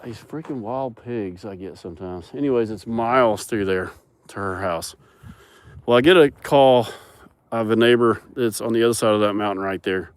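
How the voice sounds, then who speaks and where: Young guy outside on his farm, low-ish voice, animated and laughing, phone cam. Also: clear, resonant tone, no room sound. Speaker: farmer and animal owner. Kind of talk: casual storytelling vlog. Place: outdoors on a rural mountain farm.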